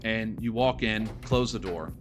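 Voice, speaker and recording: A man narrating as game master of a tabletop horror game, describing scenes in a relaxed way with casual fillers. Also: on the low side, unhurried. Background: music.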